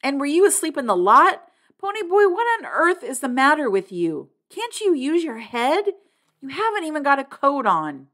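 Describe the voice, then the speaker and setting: A woman voicing a strict young man, an angry older brother who shouts and scolds in a storybook reading. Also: high-pitched, sing-song, moderate pace, voice pushed up. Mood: scolding.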